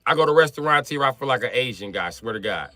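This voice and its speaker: A man's voice: medium pitch, animated, fast, pushed and bright, dry recording. A man from Wisconsin ranting profanely and mockingly on a livestream. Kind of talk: profane comedic rant on a livestream.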